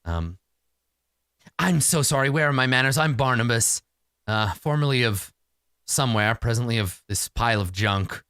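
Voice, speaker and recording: A man's voice: medium pitch, lively intonation, moderate pace, long pauses, sharp tone, clear, resonant tone, dry recording, studio quality. A man voicing a prim, fussy floating skull who apologizes and stammers politely. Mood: apologetic.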